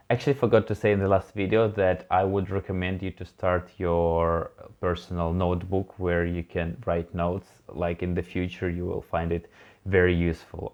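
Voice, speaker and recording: Low-voiced, slow, relaxed male language teacher. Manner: relaxed, rambling, many fillers and self-corrections; slow, drawn-out demonstration of words. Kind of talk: casual online lesson. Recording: dull lo-fi home recording.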